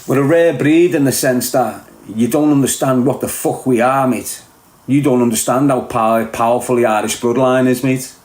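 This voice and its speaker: A man's voice: mid-range voice, steady tone, moderate pace, darkish tone, reverberant, low-quality recording. A man with a Liverpool Scouse accent talking bluntly and emphatically in a casual podcast chat, swearing often. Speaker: podcast guest.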